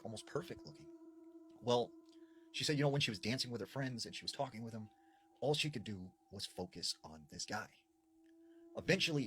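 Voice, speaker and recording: Man telling scary stories, lively. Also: fairly low pitch, slight background noise. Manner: dramatic, with sudden drops to a hush. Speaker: storyteller.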